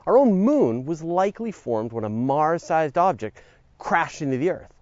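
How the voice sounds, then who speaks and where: A man's voice: fairly high pitch, a little mellow, no room sound, dull audio. A man hosting a podcast, reading a scripted science script with a playful, jokey manner and theatrical asides. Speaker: podcast host.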